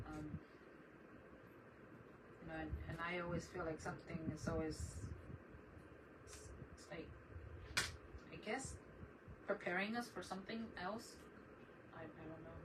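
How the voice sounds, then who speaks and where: A middle-aged woman hosting a crafting live stream, chatting casually and greeting viewers by name. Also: fairly low pitch. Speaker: crafting channel host. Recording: distant mic with noticeable background noise.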